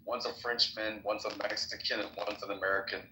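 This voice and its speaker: Profane bright-voiced joke-telling man. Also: fairly low pitch, flat delivery, fairly quick. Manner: profane, rambling storyteller. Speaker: podcast host. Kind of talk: casual chat, telling jokes. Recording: echoey room with faint noise.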